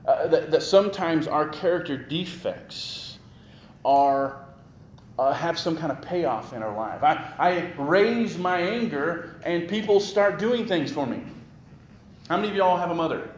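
A man preaches in a roomy, echoing church sanctuary, with a faint hum of ambience behind him. His delivery is animated: he drives points home through repetition, and his voice climbs as he builds emphasis. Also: a little high, a little slow. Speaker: pastor. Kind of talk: sermon. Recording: echoey room with faint ambient noise.

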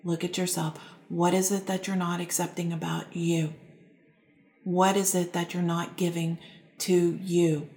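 A woman life coach gently guiding listeners through self-reflection, talking calmly with slow pauses. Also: on the low side, echoey room. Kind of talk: guided self-help talk to listeners.

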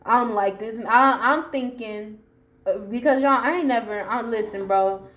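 A woman's voice: fairly high pitch, moderate pace, lo-fi sound. A woman from Long Beach, California, telling a personal story to camera in an emphatic, profane way, addressing her listeners directly. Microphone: camera mic while filming herself.

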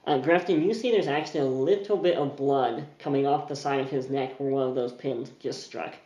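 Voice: medium pitch, brisk, warm tone, roomy sound, muffled recording. A game master narrating a tabletop game scene in a loose, descriptive way. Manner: descriptive, uses filler words.

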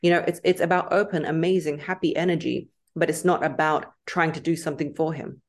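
A woman, a podcast guest in casual interview chat, talking emphatically and acting out quoted lines in lively voices. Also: low-pitched, fairly quick.

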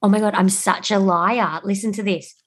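A woman's voice: medium pitch, steady tone, normal speed, husky. A woman in her late twenties co-hosting a casual podcast, giggling often as she reads old messages aloud. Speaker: podcast co-host. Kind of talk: casual chat.

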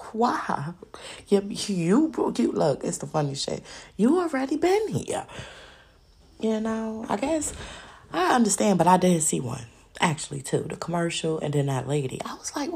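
A woman's voice: mid-range voice, moderate pace, breathy edge. A woman hosting a podcast and ranting in a casual, profane, rambling monologue. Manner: animated, profane, rambling rant. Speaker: podcast host.

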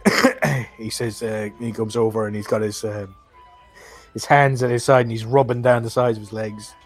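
A man's voice: medium pitch, steady tone, moderate pace, soft background music. A man narrating a tabletop fantasy game as game master, rambling and full of fillers.

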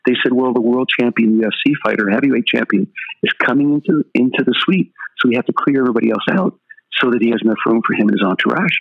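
A man's voice: medium pitch, quick pace, creaky. An older man who is a pastor talks as an interview guest. He tells stories with energy and acts out the other people's dialogue. The recording sounds slightly muffled and lo-fi. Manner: animated storyteller acting out dialogue.

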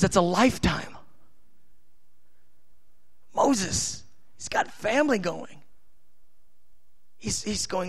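A man's voice: high-pitched, expressive, slow, long pauses, a bit bright, slightly rough. A man preaching a live sermon, speaking emphatically and talking directly to his listeners. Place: church service with family present.

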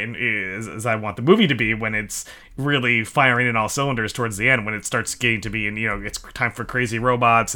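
Bright-voiced man, rambling. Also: mid-range voice. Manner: rambling, many restarts and laughs. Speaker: guest. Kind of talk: casual podcast discussion.

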